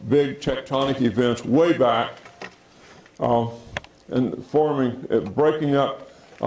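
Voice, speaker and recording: A man giving a geology lecture with slides, halting with many fillers and calling for the next slide. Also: medium pitch, a little mellow. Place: lecture hall. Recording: echoey lecture hall.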